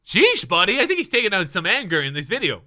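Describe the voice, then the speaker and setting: A man hosting a reaction video, making quick, incredulous asides. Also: sits high, huge pitch swings, sharp tone. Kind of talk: casual reaction commentary.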